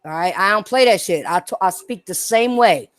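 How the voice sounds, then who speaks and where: A young woman talks to her stream chat in a blunt, profane rant, and she breaks into laughter often. Her voice is at a middle pitch and sits close on the mic with a dry sound. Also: animated, moderate pace, no room sound. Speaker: gaming streamer.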